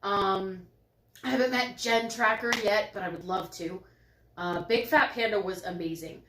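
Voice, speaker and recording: Co-hosting a livestream from home, a woman chats casually and tells bubbly stories, voicing herself and others with big jumps in pitch. She speaks at normal speed in an echoey room with background noise.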